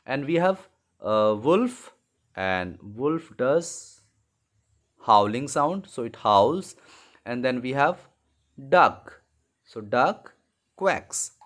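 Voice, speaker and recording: A man's voice: mid-range voice, very animated, drawn-out words, long pauses, a bit bright. A man teaching animal sounds to young children, patient and repeating key words. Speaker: English teacher. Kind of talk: slow lesson for young children.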